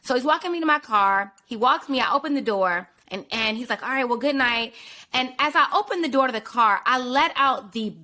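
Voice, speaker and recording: A young woman telling a story on her podcast, her voice high and bright. She talks in a lively, profane way and acts out the people in her story. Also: brisk, few pauses. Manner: animated, profane storytelling with acted quotes. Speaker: podcast host. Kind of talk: casual storytelling chat.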